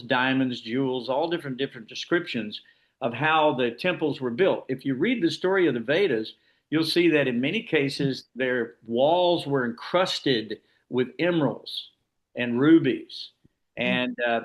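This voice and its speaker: A man's voice: medium pitch, dull audio. A man leading an informal scripture class, explaining at length with frequent restarts. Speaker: class leader.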